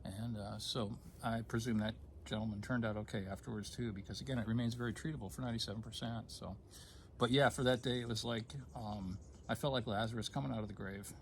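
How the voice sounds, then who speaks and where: A man in his fifties telling a personal story in a relaxed conversation, pausing often with ums and restarts. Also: on the low side, a little hiss or hum. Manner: hesitant, many ums, gets choked up then laughs. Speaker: guest sharing a personal story.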